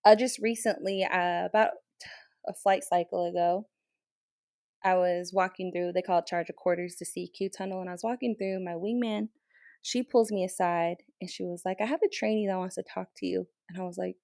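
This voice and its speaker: A young woman, a military training instructor from the Navajo Nation, telling a story in an interview with emotional, animated retelling. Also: lowish voice, moderate pace, creaky, no room sound, clean studio sound. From Navajo Nation, Southwest US.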